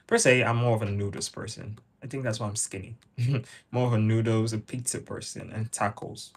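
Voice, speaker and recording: A man's voice: fairly low pitch, breathy edge. A young man with a Nigerian accent, chatting casually with viewers on his channel. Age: young adult. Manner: chatty, answers viewers' comments. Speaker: YouTuber. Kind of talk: casual livestream chat.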